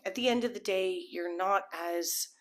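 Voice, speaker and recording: A woman with a medium-pitched, fairly bright voice talks at a normal speed as she gives a casual, rambling tarot reading to camera. She keeps restarting and using fillers, and now and then acts out what people might be thinking.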